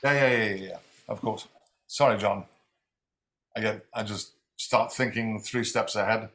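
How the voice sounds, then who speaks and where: A man's voice: fairly low pitch, fairly even intonation, a little slow, fairly bright tone. A man hosting a livestream reading series, introducing readers in a friendly, slightly scattered way. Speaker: host.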